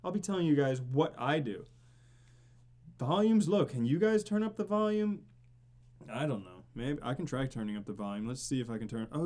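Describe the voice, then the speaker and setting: A man hosting a casual live stream, theatrical and excitable, swearing and greeting viewers in the chat by name. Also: medium pitch. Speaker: crypto live stream host.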